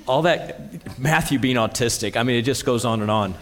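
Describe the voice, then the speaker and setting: A man's voice: mid-range voice, moderate pace, in a large hall. A man hosting a live conference interview, listing examples eagerly before asking. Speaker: host and interviewer.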